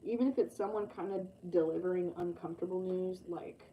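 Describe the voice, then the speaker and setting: A woman's voice: on the low side, fairly quick, muffled recording, slight background noise. A woman giving a casual, rambling tarot reading, full of fillers and the odd swear. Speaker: tarot reader.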